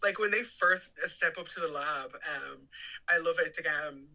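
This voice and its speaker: Male co-host, rambling casual chat, very bright tone, slightly high. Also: normal speed, rough recording. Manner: rambling, lots of "like", laughs often. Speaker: podcast co-host.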